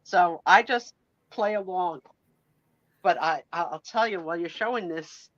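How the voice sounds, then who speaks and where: A woman's voice: on the low side, a little slow, a bit bright, no room sound, highs cut off. A middle-aged woman joining a live stream as a guest, chatting fondly and giggling as she tells family news. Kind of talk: casual live-stream chat.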